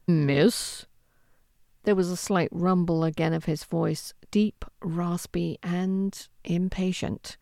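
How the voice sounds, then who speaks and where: A woman narrating a historical romance audiobook in an expressive storytelling manner. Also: on the low side, dry recording, studio quality. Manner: expressive, with lively intonation.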